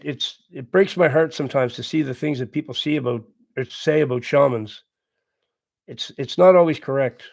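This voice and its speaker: A man's voice: on the high side, a little mellow. A man hosting a live stream, reading viewer comments aloud and answering them in an earnest, repetitive, casual way with frequent chuckles. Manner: earnest, repeats himself, chuckles often. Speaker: livestream host reading chat.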